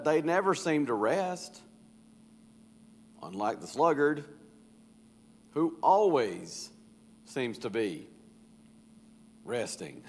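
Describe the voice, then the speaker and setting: A man's voice: medium pitch, a little hiss or hum. A man leading a casual Bible study, folksy and conversational, acting out quotes in a church room. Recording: reverberant church hall.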